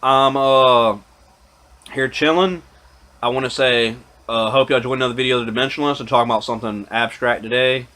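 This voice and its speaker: A man's voice: mid-range voice, steady tone, brisk, sharp tone. A man vlogging, telling a long rambling story to camera, swearing often and restarting his sentences. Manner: profane, rambling, many fillers and restarts.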